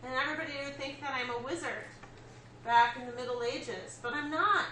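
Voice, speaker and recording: A woman's voice: sits high, fairly quick, pushed and bright, a little hiss or hum. A woman teaching a chemistry lesson, explaining step by step and checking in with her students. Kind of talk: classroom lecture. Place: classroom. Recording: echoey classroom with faint ambience.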